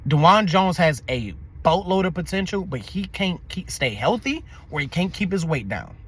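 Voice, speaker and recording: High, bright-voiced man ranting about sports. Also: very animated, moderate pace, a little hiss or hum. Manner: heated, profane, repeats himself. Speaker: sports podcast host.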